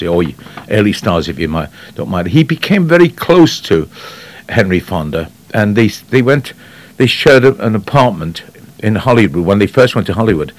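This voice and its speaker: A man chatting casually on the radio, telling rambling anecdotes that trail off. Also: lowish voice. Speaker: radio guest on classic actors.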